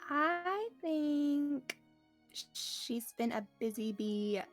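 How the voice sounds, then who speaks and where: A playful woman describing what her character has been up to in a tabletop game. Her voice sits fairly high. Faint music hums behind her. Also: animated, extremely slow. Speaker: player.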